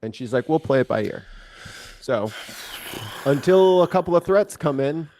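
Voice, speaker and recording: A man's voice: fairly high pitch, expressive, moderate pace, a little mellow. An American man hosting a live online chat show, blunt and profane, joking as he talks. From United States. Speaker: host.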